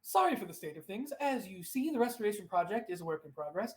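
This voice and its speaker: A game master voicing an older female sun elf scribe in a tabletop game, apologetic and politely hurried. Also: medium pitch, big pitch swings, reverberant, close to an everyday voice.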